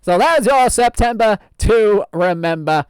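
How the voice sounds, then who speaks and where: A man's voice: high voice, lively intonation, clear, resonant tone, no room sound. A man hosting as a show host in a put-on old-timey radio announcer voice, theatrical and drawn out. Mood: folksy. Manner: theatrical, drawn-out, laughs at himself. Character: 1920s radio host, hammy and folksy.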